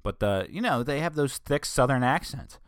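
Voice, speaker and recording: A young man from northern Delaware talks through his solo podcast in a loose, rambling way, circling back on himself and tossing in jokes. His voice sits at an ordinary middle pitch. The recording is dry and close, with no room echo. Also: expressive, normal speed, clear, resonant tone. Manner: rambling, self-correcting, joking asides. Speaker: podcast host. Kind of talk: casual solo podcast monologue.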